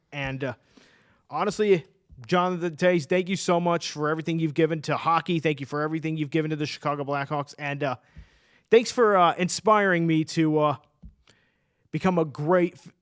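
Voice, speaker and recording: A man's voice: a little high, a bit bright, smooth. A man co-hosting a casual sports chat show, enthusiastic and chatty, laughing often and restarting his sentences. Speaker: sports podcast co-host.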